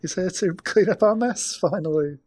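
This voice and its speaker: A man with a somewhat high-pitched voice talks through a film in a relaxed podcast chat. He stumbles and repeats words as he thinks aloud, circling back before he finishes each point. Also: moderate pace. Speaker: podcast co-host. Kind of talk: casual film discussion.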